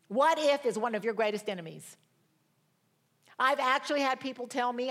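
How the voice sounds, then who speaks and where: A woman delivers a sermon in a fairly high voice. She speaks in emphatic, declarative phrases and mixes in humorous stories. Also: animated, normal speed, fairly bright tone. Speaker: preacher.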